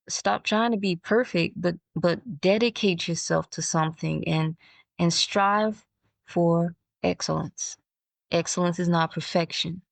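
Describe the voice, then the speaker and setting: A woman podcast host muses out loud in a reflective solo talk, pausing and restarting as she hunts for the right word. Her voice sits on the low side, and the recording is close and dry with no room sound. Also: no room sound. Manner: thinks out loud, halting and searching for words.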